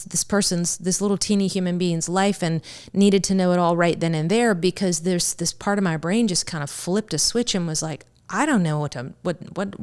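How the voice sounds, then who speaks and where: Middle-aged woman host, earnest storyteller with a smooth, slightly low voice. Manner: earnest, repeats words while searching for them. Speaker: podcast host and mindfulness teacher. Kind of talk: reflective personal storytelling.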